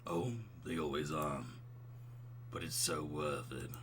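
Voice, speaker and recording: A man voicing a laid-back young gym-bro dad who talks in a mellow, easygoing way. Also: extremely low pitch, fairly even intonation, slow pace, a little hiss or hum, pitched below the performer's own voice, full character voice. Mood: relaxed.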